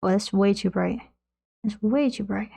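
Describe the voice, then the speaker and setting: A woman's voice: medium pitch, normal speed, vocal fry, dark tone, breathy edge. A young woman streaming while she paints, chatting casually into a desk mic, rambling and poking fun at herself as she answers her chat. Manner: rambling, self-mocking, reads chat aloud. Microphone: desk microphone close by.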